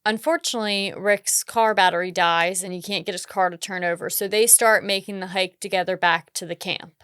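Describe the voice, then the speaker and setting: A woman's voice: mid-range voice, fairly even intonation, brisk, a bit bright, smooth, no room sound, studio quality. A young woman co-hosting a podcast, recapping a horror film in frank, casual chat. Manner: frank, casual, blunt asides. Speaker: podcast co-host.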